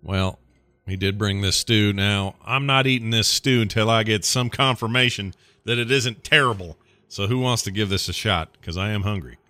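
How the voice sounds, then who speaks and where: A man with a very low voice and a crisp, bright edge plays in a tabletop role-playing game. He drawls in a folksy way. The sound is dry and close. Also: moderate pace, no room sound. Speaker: player.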